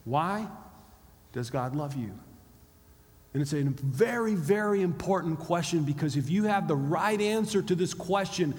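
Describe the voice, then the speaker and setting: A man's voice: fairly high pitch, animated, unhurried, darkish tone. Conversational man preaching in a reverberant hall. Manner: conversational, acts out inner voices. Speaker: pastor. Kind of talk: sermon.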